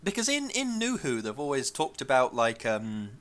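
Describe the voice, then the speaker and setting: Lively, bright-voiced ranting podcast host. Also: male voice, medium pitch, moderate pace. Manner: animated, ranting indignation. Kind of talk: casual chat.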